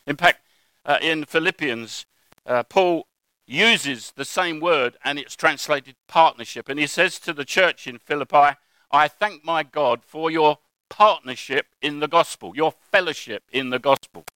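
A man delivers a sermon in a chatty, story-filled way. His voice is bright and a touch higher than most men's. It is recorded close and dry, with almost no room sound. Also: measured pace, no echo, rough recording. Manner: conversational preaching with anecdotes. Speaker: preacher.

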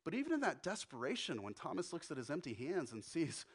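A man preaching a sermon as pastor, conversational and animated, acting out quotes. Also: on the high side, brisk, hardly any pauses, slightly rough.

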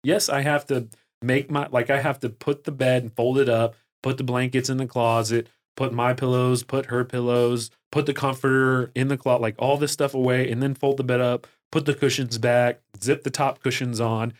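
Pumped-up guy rambling on a podcast, says like a lot, regular pitch. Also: normal speed. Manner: energetic and excitable, heavy use of "like" and fillers. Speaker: podcast guest. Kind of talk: casual conversational storytelling.

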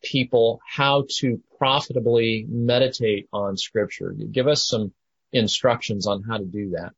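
A man hosting a conversation, measured and steady, with occasional stammered restarts. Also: on the low side, vocal fry, breathy edge, no room sound, highs cut off. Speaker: host. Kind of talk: conversational interview.

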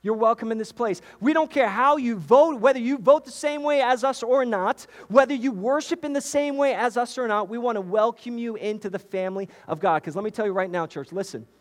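Man from New York, lively preacher in a reverberant sanctuary, higher pitch. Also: brisk, few pauses. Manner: animated preaching with repetitions and asides to the congregation. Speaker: pastor. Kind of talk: sermon. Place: church sanctuary.

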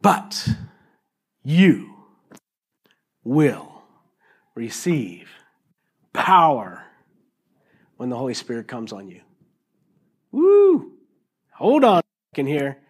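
A middle-aged man preaching a sermon in an animated, jokey way, acting out little voices as he goes. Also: mid-range voice, takes it slowly, long pauses, breathy edge. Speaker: pastor.

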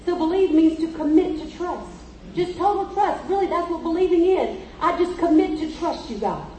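Woman preacher, high voice, emphatic storytelling sermon, heard from a distance in an echoey church with faint noise. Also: normal speed, dark tone.

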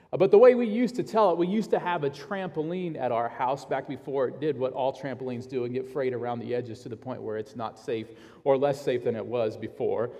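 Mellow-voiced pastor in a reverberant hall. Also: male voice, mid-range voice. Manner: storytelling, animated and earnest. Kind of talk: sermon.

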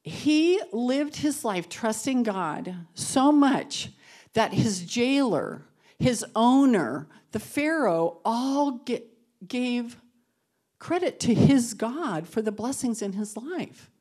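A woman's voice: a little high, expressive, takes it slowly. A woman giving an earnest, conversational devotional talk that ends in prayer, sometimes emotional and near tears. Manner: emotional, tearful at times, laughing through tears; earnest and conversational, shifting between soft and loud. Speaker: women's Bible study speaker.

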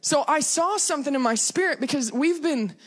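A young woman from Texas with a Southern accent and a bright, high voice preaches from a church pulpit. She talks like a friend, with quick self-deprecating asides. Her sermon is loose and chatty rather than formal. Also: animated. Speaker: guest preacher. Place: church sanctuary.

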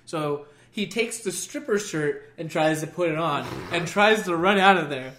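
A man's voice: fairly high pitch, normal speed, a little hiss or hum. A young man casually telling a long story, swearing and laughing a lot. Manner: profane, laughs often, animated.

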